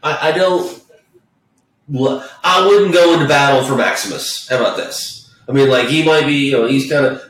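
A man's voice: medium pitch, moderate pace, fairly bright tone. A man chatting casually about movies, rambling and swearing with many false starts. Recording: echoey room, far from the mic.

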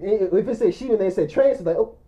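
A man's voice: sits high, animated, fast talker, dark tone, highs cut off. A man telling a story in casual chat, animatedly acting out both sides of the conversation.

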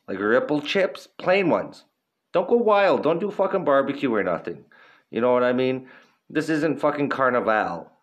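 A young man talks loosely into his podcast mic, cursing freely and circling back with "you know what I mean". His voice sits at an ordinary middle pitch, and his delivery stays relaxed and unscripted. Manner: profane, laid-back rambling with lots of fillers. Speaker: podcast host. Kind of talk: casual solo podcast talk.

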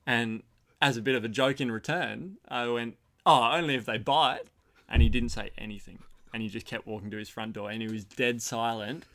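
A man's voice: medium pitch, steady tone, normal speed, fairly bright tone. A young man talking as a podcast guest in casual chat, telling a story with dry jokes. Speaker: podcast guest, host's roommate. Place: storehouse.

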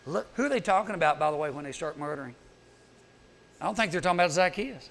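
Animated high-voiced man preaching. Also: vocal fry, a little hiss or hum. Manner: animated, acts out quick voices, teasing asides. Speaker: youth camp speaker. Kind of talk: humorous sermon.

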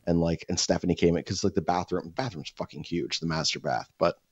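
A young podcast host rambles through a profane story in casual chat, full of fillers and restarts. His low voice is fairly quick and breathy, with no room sound, and the recording has a dull, dry, lo-fi quality.

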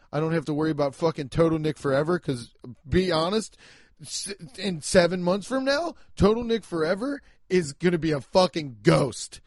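A man hosting a comedy podcast, rambling casually with lots of swearing and sudden loud, emphatic bursts. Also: on the high side, no echo, clean studio sound. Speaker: podcast host.

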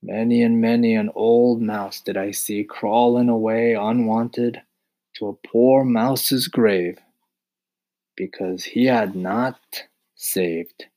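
A man's voice: lowish voice, takes it slowly, voice pushed up. Man putting on a raised voice for a dramatic mouse, self-pitying, flowery, storybook. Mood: theatrical. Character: fussy, dramatic, stingy male mouse. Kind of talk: audiobook character voice.

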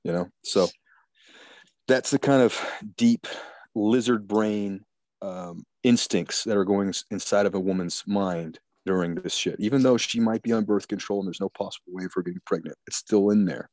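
Low voiced guy rambling crudely, swears a lot, dry close sound. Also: fairly even intonation, normal speed, a little mellow, no echo. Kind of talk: casual chat.

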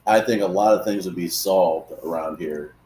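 A man's voice: low-pitched, normal speed, warm tone, slight background noise. A man in a casual podcast chat, giving dry, laid-back opinions. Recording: roomy echo.

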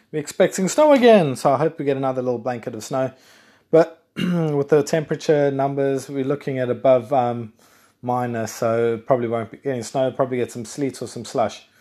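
A man's voice: mid-range voice, moderate pace. A man from South Africa hosting a casual solo podcast, rambling and chatty, correcting himself as he goes. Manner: rambling, chatty, self-correcting, excitable bursts. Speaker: podcast host.

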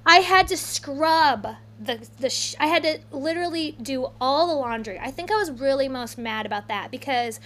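Woman, 30s, bright high voice, chatty anecdote-teller, casual podcast banter. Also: moderate pace, hardly any pauses. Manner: animated, rambling, many "like"s. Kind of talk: casual storytelling chat.

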